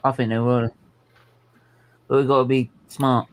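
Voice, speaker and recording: A man's voice: mid-range voice, measured pace, rough recording. A man hosting a live football watchalong, chatting casually and eagerly. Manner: lively, laughing, eager.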